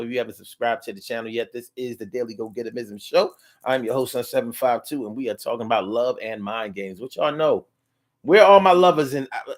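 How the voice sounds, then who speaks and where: A middle-aged man hosting a casual live talk show, reading viewer comments aloud in an animated, playful way that swings from low drawls to loud bursts.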